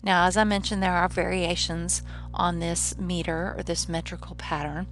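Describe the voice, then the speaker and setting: Low-voiced woman explaining poetry. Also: little pitch movement, fairly bright tone, slight background noise. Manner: measured, explanatory, slows down to read poetry lines aloud. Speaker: professor. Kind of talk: recorded literature lecture.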